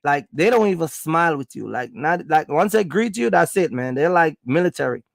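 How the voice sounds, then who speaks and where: Gravelly Jamaican man telling a story. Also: fairly high pitch, lively intonation, normal speed, no echo, clean studio sound. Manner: rambling, filler-heavy, turns stern and warning. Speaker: livestreamer. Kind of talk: casual storytelling on a livestream. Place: at home.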